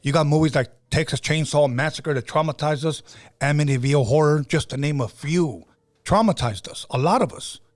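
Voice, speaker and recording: A middle-aged man with a voice on the high side hosts a podcast, speaking briskly. He tells stories in a casual, conversational manner with frequent fillers and restarts.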